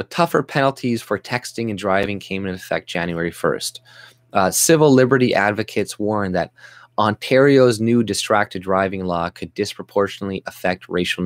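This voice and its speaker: A man's voice: lowish voice, dry recording. A man hosting his own livestream, ranting in a rambling, profane, agitated way. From Canada. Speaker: vlog host. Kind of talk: livestream rant.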